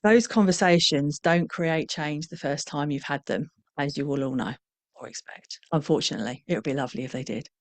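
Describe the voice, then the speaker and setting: Woman, middle-aged, parenting trainer, low pitch, dry close sound, candid, reflective, conversational. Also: brisk, no room sound. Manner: candid and reflective, acts out quoted parents and children. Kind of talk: conversational talk to professionals.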